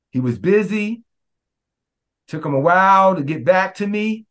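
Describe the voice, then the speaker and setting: A man, a pastor preaching a sermon, who prays in a hushed voice and then preaches with passion, often calling out to his congregation. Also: high-pitched, expressive, normal speed. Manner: impassioned preaching that turns to the congregation; hushed, prayerful delivery.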